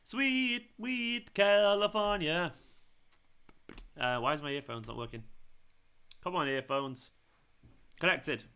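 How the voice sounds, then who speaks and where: A man chatting casually while hosting a football watchalong live stream, excitable and quick to swear. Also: a little high, gravelly, clean tone.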